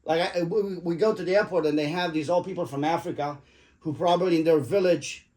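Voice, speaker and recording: A middle-aged man with a slightly high voice tells jokey, rambling stories over dinner. He drops casual profanity and never hurries to the point. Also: fairly quick, mellow. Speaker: father telling stories to his family. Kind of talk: casual storytelling at the dinner table.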